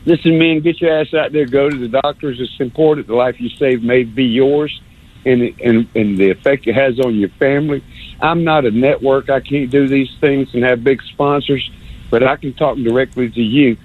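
A man calling in to a radio show, ranting sarcastically with lots of stammering and mocking jumps in pitch. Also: fairly even intonation, normal speed. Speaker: caller. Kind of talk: rambling call-in rant. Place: phone call into radio show. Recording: tinny phone line.

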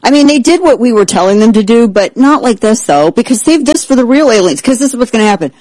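A man hosting a talk show, excitable and sarcastic, who keeps breaking into exaggerated impressions. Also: very high voice, fast, dry recording, rough recording. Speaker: host. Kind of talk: animated political talk show banter.

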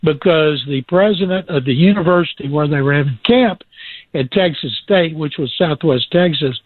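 A man spinning lively sports anecdotes as a guest, doing quick impressions of the people in them. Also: on the high side, no room sound. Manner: lively, imitates people in his stories. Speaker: guest recounting sports stories. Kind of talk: anecdotal storytelling. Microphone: phone. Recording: tinny phone line.

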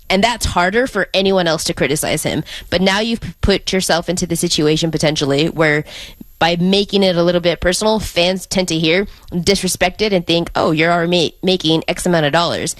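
A female sports radio co-host with a lowish voice who lays out her case point by point. The sound is close and dry, as if from a studio mic. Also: dry recording. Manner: measured, methodical, building her points step by step. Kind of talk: sports talk radio analysis.

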